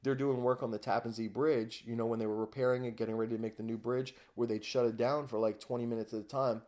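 A man, a podcast guest, telling a hard personal story in a candid, raw way. His voice sits at a mid pitch, and he swears without holding back. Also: level tone, fast talker, darkish tone.

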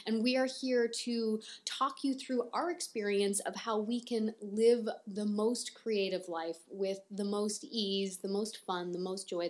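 A woman from Canada co-hosting a podcast, chatting casually and laughing easily. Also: medium pitch. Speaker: podcast co-host.

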